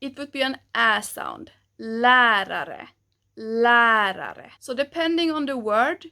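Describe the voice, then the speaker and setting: A woman teaching pronunciation, taking it slowly and patiently and modelling each sound for the learner to repeat. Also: high voice, vocal fry, pushed and bright. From Sweden. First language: Swedish. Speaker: language teacher. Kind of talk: pronunciation lesson.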